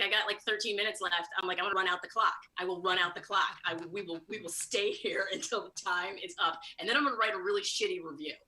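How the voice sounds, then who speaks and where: A woman comedian from Chicago telling a story at a fast, high-energy clip, acting out the quoted lines. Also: bright, forceful tone, poor audio. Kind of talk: live storytelling monologue.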